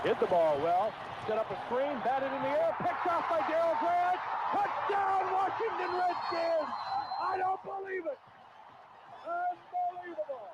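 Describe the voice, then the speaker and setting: Give me an excited man calling football play-by-play, heard through an old, noisy broadcast clip. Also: extremely high pitch, measured pace, dull audio. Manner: excited, rising calls. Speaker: play-by-play announcer. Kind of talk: live football commentary. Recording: old broadcast clip with loud crowd noise.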